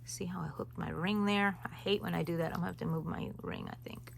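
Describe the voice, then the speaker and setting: A woman's voice: lowish voice, fairly even intonation, fast, creaky, a little hiss or hum. A woman hosting a crochet tutorial, talking viewers through each stitch in a casual, rambling way with chatty asides. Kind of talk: casual step-by-step tutorial chat.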